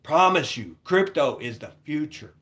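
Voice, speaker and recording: Ranting at home for his vlog, a man rambles and repeats himself, swearing as he shifts from loud hollers to quiet mutters. He comes across as animated yet unhurried.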